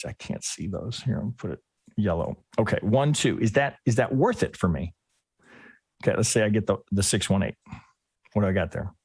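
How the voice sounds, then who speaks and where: Male trading teacher, middle-pitched, casual, thinks aloud with many restarts, dry close mic. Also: dry recording. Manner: thinks aloud, restarts often, asks rhetorical "right?"; casual, occasionally swears. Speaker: trading educator. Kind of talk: live chart analysis lesson.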